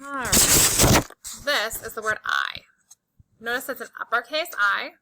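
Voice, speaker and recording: A woman teaching a slow, patient phonics lesson to young children, stretching out and repeating each word for emphasis. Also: a little high, vocal fry, noisy background. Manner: drawn-out, emphatic word repetitions.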